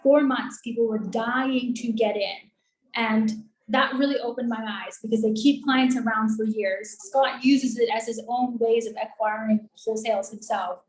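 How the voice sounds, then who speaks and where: A woman talking in a chatty, upbeat, persuasive way, pitching her business on a video call. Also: steady tone, normal speed. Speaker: lead generation and call center business owner. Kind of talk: casual sales pitch on a coaching call. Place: in Colombia. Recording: roomy echoey room.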